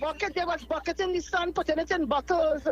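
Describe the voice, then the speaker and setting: An older Trinidadian grandmother calling a radio show by phone from her car, animated and scolding. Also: extremely high pitch, a little fast, dry recording, highs cut off. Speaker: caller. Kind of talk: call-in radio talk.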